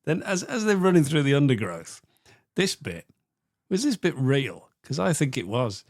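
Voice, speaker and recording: A man's voice: fairly high pitch, very animated, moderate pace, no echo, clean studio sound. A man co-hosting a comedy film podcast, laughing often and acting out scenes in silly voices. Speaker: podcast co-host. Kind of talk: casual comedic film chat.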